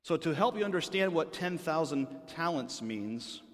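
A man's voice: on the high side, lively intonation, moderate pace. Conversational male pastor in reverberant hall. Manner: conversational, checks in with the audience. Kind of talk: sermon.

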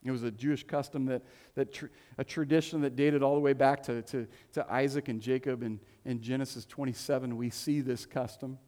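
Joking pastor with a mellow voice. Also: male voice, medium pitch, steady tone, a little fast, few pauses. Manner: conversational and joking, with playful asides. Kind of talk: sermon. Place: church sanctuary. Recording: long reverb of a church hall.

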